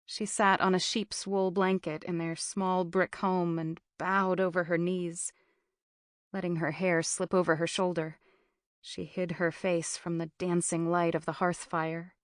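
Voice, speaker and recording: A woman narrating a thriller audiobook in a measured, even storytelling manner on a close studio mic. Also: lowish voice, no room sound.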